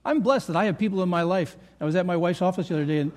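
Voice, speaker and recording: High-voiced older man preaching earnestly. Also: very fast. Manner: earnest, repeats key phrases for emphasis. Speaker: pastor. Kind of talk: sermon. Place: church meeting room.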